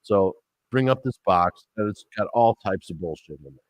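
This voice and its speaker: Man, low voice, casual swearing storyteller, podcast chat, dry recording. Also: moderate pace, no room sound, highs cut off. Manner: profane, animated storyteller acting out quotes. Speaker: podcast co-host.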